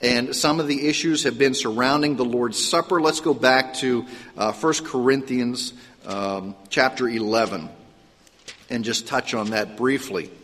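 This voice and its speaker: A male pastor giving a conversational sermon, telling stories with lively asides. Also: mid-range voice, unhurried, long reverb tail, slight background noise.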